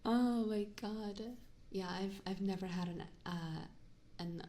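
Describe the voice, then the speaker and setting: A woman chatting softly on an ASMR livestream, giggly and apologetic, into a binaural mic. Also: medium pitch, slow. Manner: soft-spoken, giggly and apologetic. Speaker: ASMR streamer. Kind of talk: casual ASMR livestream chat. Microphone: binaural dummy-head mic.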